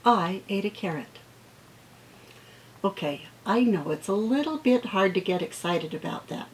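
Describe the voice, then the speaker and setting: A woman teaching young children reads aloud and plays out the sound words, using slow, warm-up teacher talk with playful effects. Her mid-range voice has lively intonation, and the recording is rough with slight background noise.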